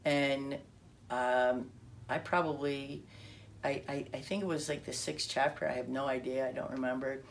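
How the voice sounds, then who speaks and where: A woman telling her personal testimony in an animated way, acting out quotes and restarting her sentences often. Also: very deep voice, normal speed, vocal fry, a little hiss or hum. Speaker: speaker sharing a personal testimony.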